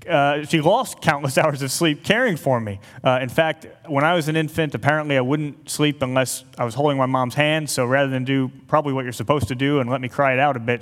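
A man's voice: mid-range voice, fairly bright tone. Earnest man preaching in a reverberant hall. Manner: earnest, with light humorous asides. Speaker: speaker to an audience. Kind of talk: sermon with personal storytelling.

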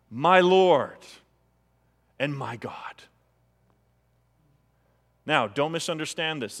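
A man preaching a sermon as a pastor, animated and acting out the voices he quotes. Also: on the high side, in a large hall.

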